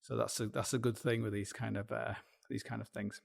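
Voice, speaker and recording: Gravelly middle-aged Yorkshire man rambling. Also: fairly low pitch, level tone, brisk. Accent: Yorkshire English. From Yorkshire, England. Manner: meandering, self-deprecating, with frequent restarts and asides. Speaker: podcast host. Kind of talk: rambling solo monologue.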